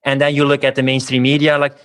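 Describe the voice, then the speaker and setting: A man's voice: mid-range voice, completely flat delivery, quick pace, fairly bright tone, smooth. A man on a podcast ranting scornfully in casual chat.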